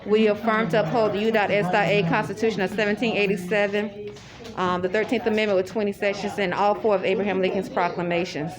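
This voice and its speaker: A woman tells a long, wandering account in a rambling way, restarting her sentences and circling back to the same points. Her voice sits at a middle pitch for a woman. Steady crowd chatter runs behind her. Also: fast. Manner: rambling and repetitive, many restarts. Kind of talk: casual spoken monologue.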